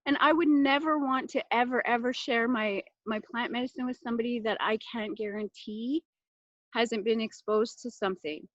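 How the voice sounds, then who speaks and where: Woman, casual live class host, chatty, heartfelt, fillers, excitable, higher voice, dry and dull laptop sound. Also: moderate pace, no room sound. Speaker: class host presenting essential oils.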